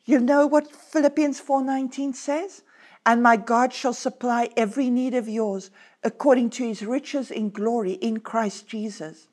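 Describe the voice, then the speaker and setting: A woman pastor, preaching a podcast sermon and reading scripture in an earnest, emphatic way that slows down to stress words. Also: a little high, darkish tone.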